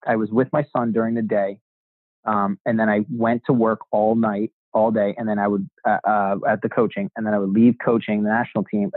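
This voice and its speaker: A man with a mid-low voice tells his story as an interview guest, switching into the voices of the people he quotes and swearing casually. The sound is dry and thin, as if heard over a phone line. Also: no echo. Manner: animated storyteller acting out quoted dialogue. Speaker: guest, real estate agent.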